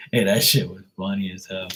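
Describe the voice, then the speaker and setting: A man chats casually on a live stream, spinning loose anecdotes full of swearing and laughing at his own punchlines. His voice sits a little low and has a husky, breathy edge. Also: low-quality recording. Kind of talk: casual storytelling chat.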